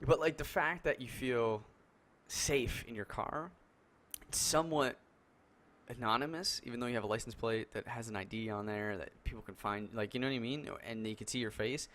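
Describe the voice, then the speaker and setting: A man's voice: mid-range voice, normal speed. A man on a podcast call, chatting casually and telling a story with lots of fillers and acted-out quotes. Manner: animated storyteller, acts out quotes, many fillers. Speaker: podcast co-host. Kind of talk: casual chat over a call. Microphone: headset or desk mic on a video call.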